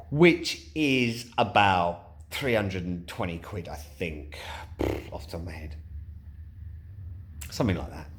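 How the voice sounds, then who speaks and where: A man chatting casually in a diary-style vlog, rambling with many ums and self-corrections and laughing often. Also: lowish voice. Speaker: vlogger.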